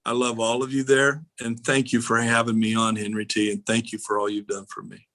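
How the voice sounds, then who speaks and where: Blunt, folksy older baseball coach. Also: male voice, on the low side, level tone, fairly quick, a bit bright. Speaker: guest, retiring baseball coach. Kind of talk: casual interview.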